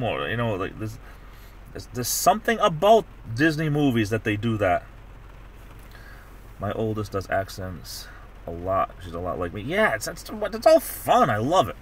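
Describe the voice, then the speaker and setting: A middle-aged man hosting a livestream, chatting casually in a rambling way with many restarts. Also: mid-range voice. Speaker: livestream host. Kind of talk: casual chat.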